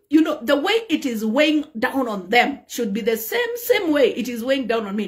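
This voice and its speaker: A woman pastor with a Kenyan accent preaching a sermon, animated and acting out the people in her stories. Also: sits high, fairly quick, few pauses.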